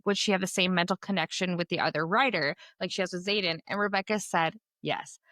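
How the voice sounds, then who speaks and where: A woman's voice: medium pitch, a bit bright, no room sound. Young woman, podcast co-host, opinionated casual chatter, very dry close sound. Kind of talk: casual book discussion.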